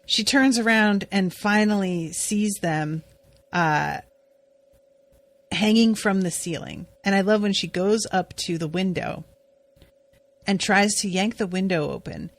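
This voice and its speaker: A woman's voice: medium pitch, a little slow. A woman co-hosting a podcast, recapping a TV episode in casual, chatty talk full of "like" and the odd swear. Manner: chatty, swears, many "like" fillers. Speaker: podcast co-host.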